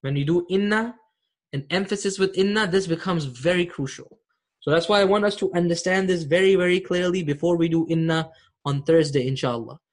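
A man's voice: high voice, a little fast. A man teaching an online Arabic grammar class, explaining patiently and often checking that students follow.

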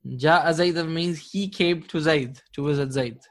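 Guy teaching grammar online, slow and patient, kinda high voice, chuckles a lot. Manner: patient, encouraging, chuckles often. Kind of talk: live online class.

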